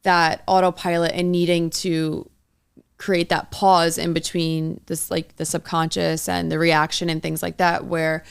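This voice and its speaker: Young woman podcast co-host, low and smooth with vocal fry, earnest rambling delivery. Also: little pitch movement, a little slow. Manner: earnest, rambling, heavy use of "like". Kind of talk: casual chat.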